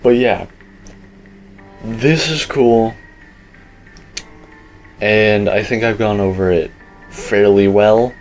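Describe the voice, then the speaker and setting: A man's voice: on the low side, slow, pauses often, a little mellow, soft background music, low-quality recording. A young man giving casual, rambling commentary on a game teaser, opinionated and full of filler words. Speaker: gaming YouTuber.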